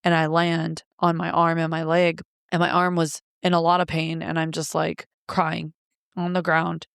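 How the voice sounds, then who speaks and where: A woman's voice: low-pitched, monotone, normal speed, gravelly, clear, resonant tone, dry recording, clean studio sound. A woman, an interview guest, bluntly retelling a painful personal story with frequent profanity.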